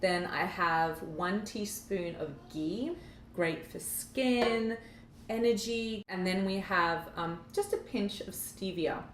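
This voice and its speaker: A woman's voice: mid-range voice, slow. A woman co-hosting a casual chat, talking animatedly and acting out quoted dialogue. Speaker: co-host. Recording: echoey room, faint background noise.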